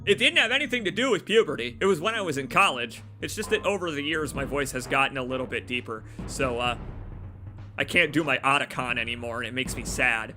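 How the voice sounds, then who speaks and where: A young man streaming a game, rambling and joking with his chat, his voice a little hoarse from long talking. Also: mid-range voice, fairly quick, pushed and bright, faint music behind. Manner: rambling, joking, self-deprecating asides to chat. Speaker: let's play streamer. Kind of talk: casual gameplay commentary.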